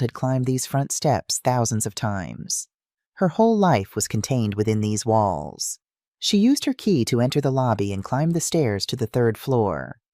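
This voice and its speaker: A narrator telling a dramatic story, the pitch swinging widely through tense moments. The voice is mellow and warm. The recording is dry and close, with no room sound. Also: dry recording.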